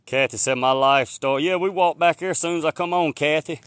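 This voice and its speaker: A man's voice: a little high, brisk, fairly bright tone, smooth, dry recording. A man, live-streaming from the woods on a handheld phone, rambling folksily and answering viewer comments. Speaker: livestreamer. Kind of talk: casual live-stream chat. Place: outdoors in the woods. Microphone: phone held in hand.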